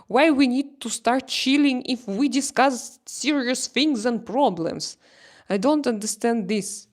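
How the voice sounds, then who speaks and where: A woman with a Slavic accent hosting a casual livestream chat, answering viewers' comments in halting, animated English full of restarts. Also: a little high. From Slavic country. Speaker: livestream host.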